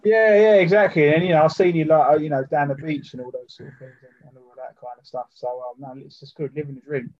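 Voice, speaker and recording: A man's voice: fairly high pitch, steady tone, fast talker, few pauses, dull audio. A man co-hosting a football podcast from home, talking in a rambling, chatty way full of fillers. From United Kingdom. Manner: chatty, full of fillers and "do you know what I mean". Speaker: podcast co-host. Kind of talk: casual chat.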